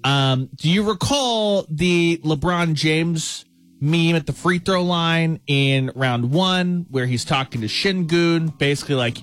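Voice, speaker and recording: A man's voice: on the high side, slow, fairly bright tone, no room sound, faint music behind. A man hosting a sports radio show, chatting casually with co-hosts, joking and reading breaking news. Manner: jokey, reads breaking news aloud.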